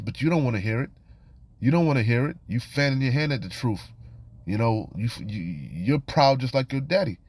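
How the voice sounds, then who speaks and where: A man preaching in an informal, streetwise manner, reading verses aloud and then explaining them in plain talk. His voice sits at a medium pitch, and he keeps dropping in "you know" and "man". The sound is dry and close, with no room echo. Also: darkish tone. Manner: reads scripture aloud then comments. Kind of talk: informal scripture teaching.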